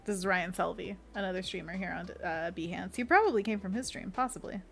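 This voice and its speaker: A young woman streaming as an art host, chatting casually with viewers while she paints, giggly and quick to slip into playful bits. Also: medium pitch, vocal fry, fairly bright tone, soft background music.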